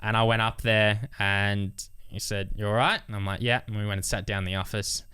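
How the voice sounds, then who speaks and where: A young Australian racing driver chats casually, spinning animated stories and acting out quotes, swearing included. His voice sits on the low side and comes across smooth and fairly quick, with no room sound.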